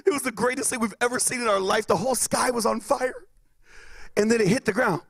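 A man doing stand-up, telling a story with loud sound effects and acted-out voices. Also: very high-pitched, fast talker, creaky, dry recording, clean studio sound. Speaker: comedian.

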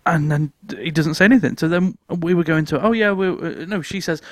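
A man's voice: a little high, a little fast, no room sound. A man co-hosting a casual podcast, who tells anecdotes and laughs often as he goes. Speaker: podcast co-host.

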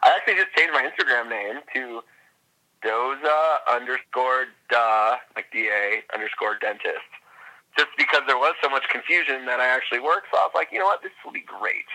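A man's voice: medium pitch, moderate pace, pushed and bright, poor audio. A man talking as a guest on a podcast, chatty and upbeat, filling his sentences with "like" and "you know". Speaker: podcast guest, endurance runner. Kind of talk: casual interview chat.

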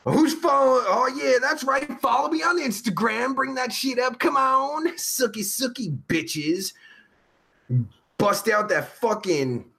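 A man's voice: very high voice, unhurried, gravelly, sharp tone, full character voice. A man playing a crude, foul-mouthed pervert character who hosts a comedy live stream, rambling and swearing constantly. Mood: cocky joking. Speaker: host.

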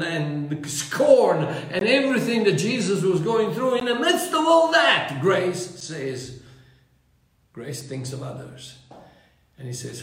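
A man preaching a sermon in a fervent, restless way, often repeating words and restarting his phrases. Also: fairly high pitch. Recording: very echoey room.

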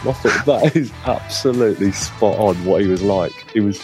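A middle-aged man telling a lively story in casual chat, acting out what others said. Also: fairly low pitch, a little fast, faint music behind. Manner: animated storyteller, acts out quotes. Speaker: co-host.

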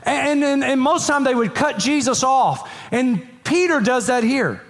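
A male pastor with a very high-pitched, lively voice preaches an emphatic sermon at normal speed, repeating phrases and leading the congregation to read verses aloud with him. He's in a church sanctuary, and the recording carries the long reverb of a large hall.

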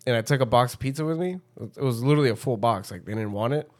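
A man's voice: mid-range voice, fast, hardly any pauses. Young male storyteller, casual and foul-mouthed, ordinary middle voice. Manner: profane, animated storyteller.

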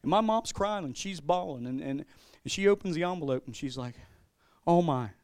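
His voice is on the high side, brisk, with lively intonation. Sharing his personal testimony in a sermon, this pastor talks conversationally, repeating himself, laughing and performing the lines he quotes.

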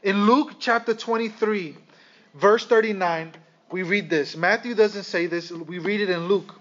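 A man preaching a sermon, speaking with dramatic pauses and calling his listeners "guys". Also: sits high, fairly bright tone. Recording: slightly dull lo-fi sound.

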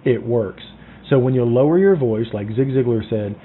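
A man giving sales coaching in a lively way, acting out phone calls and lowering his voice for effect. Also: normal speed, slight background noise. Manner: animated, acts out phone calls, drops to a low voice. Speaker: sales trainer. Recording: tinny phone-like sound.

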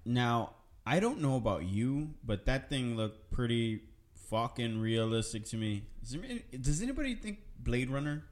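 A man hosting a podcast in casual chat, talking loud, rambling and swearing constantly. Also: mid-range voice, very animated, normal speed. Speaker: podcast host.

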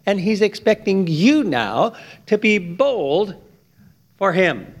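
A man preaching a sermon, with emphatic stress that climbs high on key points. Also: sing-song, slow pace. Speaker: pastor.

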